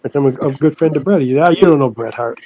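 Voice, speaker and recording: An older man, a guest on an interview podcast, telling stories in a halting way that repeats words, and he puts on higher voices for the people he quotes. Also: phone-quality sound. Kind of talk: casual storytelling interview.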